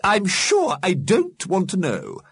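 A prim dead old lady ghost, indignant and fussy, as a man reads her. Her voice is pushed up high yet stays husky, with swooping, lively melody. Dry, close audiobook sound. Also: measured pace, dry recording, full character voice. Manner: primly indignant.

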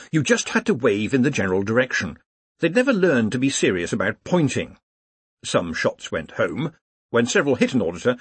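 Wry, expressive male narrator, husky voice. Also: mid-range voice, dry recording. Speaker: audiobook narrator. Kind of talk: scripted narration.

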